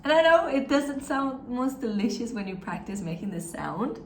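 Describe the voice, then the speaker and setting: A woman's voice: a little high, sing-song, normal speed, echoey room, a little hiss or hum. A woman, a teacher giving an encouraging, step-by-step pronunciation lesson and having learners repeat after her. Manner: encouraging, demonstrates sounds and has learners repeat. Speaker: German language teacher.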